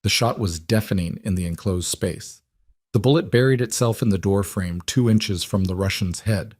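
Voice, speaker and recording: A man narrating a scripted romance story in an even, steady manner. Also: lowish voice, moderate pace, no echo.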